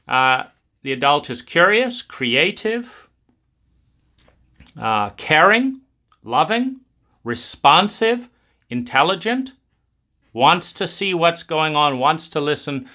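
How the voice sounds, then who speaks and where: A man's voice: on the high side, animated, takes it slowly, long pauses, sharp tone. A man giving a reflective self-help talk in a conversational, musing way, acting out inner voices as he goes. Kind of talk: reflective spoken talk on adulthood.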